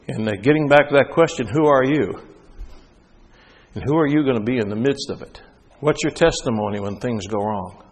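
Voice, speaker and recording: Preaching man in a reverberant hall. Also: normal speed. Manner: animated preaching, rising and loud at high points, dropping soft for stories. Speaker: pastor. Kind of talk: sermon.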